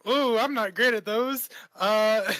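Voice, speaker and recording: A man's voice: sits high, slow pace, fairly bright tone, no room sound. A man playing in a tabletop game, making dry, wry remarks in casual banter. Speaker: player.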